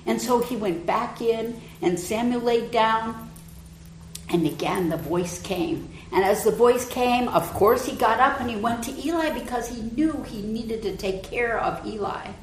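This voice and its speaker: Unhurried woman preacher in an echoey church. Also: a little high, slight background noise. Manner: gentle, unhurried retelling with soft dips in loudness. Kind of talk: sermon storytelling. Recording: echoey room.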